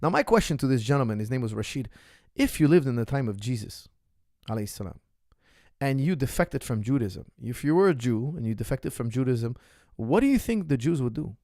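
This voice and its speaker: A man's voice: mid-range voice, animated, fairly quick, dry recording. Emphatic man on a dry mic. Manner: emphatic, repeats phrases for stress, swings loud and soft. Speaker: martial arts coach hosting a Q&A. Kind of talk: casual opinion monologue.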